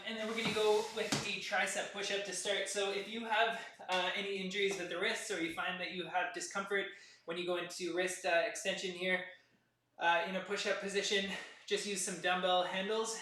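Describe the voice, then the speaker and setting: A man leading a workout class as fitness instructor, counting reps and giving steady coaching cues, recorded from a distance in an echoey room. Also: high voice, moderate pace, a little hiss or hum.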